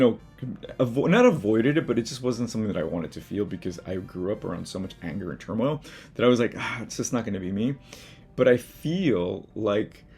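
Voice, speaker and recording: A man with a low, husky, gravelly voice gives casual advice to his viewers from his art studio. He talks frankly, swears now and then, and mocks himself in asides. Soft music runs quietly underneath. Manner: chatty, frank, self-mocking, with swearing and asides. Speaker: artist and video host. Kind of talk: casual motivational talk to camera.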